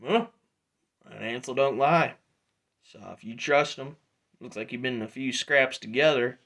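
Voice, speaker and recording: A man voicing a tall, strong male crossbow-carrying guard, gruff and blunt, who swears and talks plainly. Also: medium pitch, unhurried, fairly bright tone. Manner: rough, swearing, plain-spoken.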